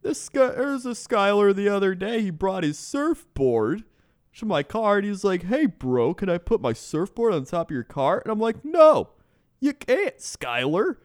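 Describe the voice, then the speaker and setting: Man putting on a high, loud, brash rideshare driver, canadian-tinged accent, ranting, lively. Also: moderate pace, clean tone, no room sound, clean studio sound. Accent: put-on Canadian-tinged. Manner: boastful, ranting, incredulous. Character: brash middle-aged male rideshare driver, grudge-holding.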